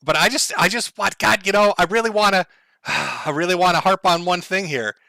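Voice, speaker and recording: A man's voice: high voice, normal speed, gravelly, bright, forceful tone, no room sound, clean studio sound. A man hosting a casual livestream from home, ranting sarcastically with frequent laughs, swearing and mock-tragic asides. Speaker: livestream host. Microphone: headphones and desk mic.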